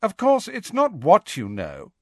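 A man's voice: high voice, wildly swooping pitch, measured pace, a little mellow, no room sound, clean studio sound, voice pushed up, full character voice. A man voicing a smug, snobbish rich teenage boy who talks in a boastful drawl.

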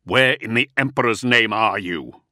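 A hard, commanding lord snaps out his orders in a low, dry voice with plenty of rise and fall, as a male narrator puts him on. Each command lands clipped and forceful. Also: animated, normal speed, no echo. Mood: stern.

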